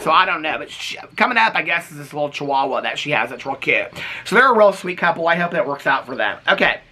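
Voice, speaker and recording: Bright-voiced, sassy chatty man. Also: a little high. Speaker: TV reaction vlogger. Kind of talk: casual chat recapping a reality show.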